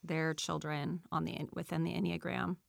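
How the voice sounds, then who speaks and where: Low, gravelly-voiced woman host. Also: level tone, dry recording, clean studio sound. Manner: warm, affirming interjections and measured questions. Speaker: podcast co-host. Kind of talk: casual interview.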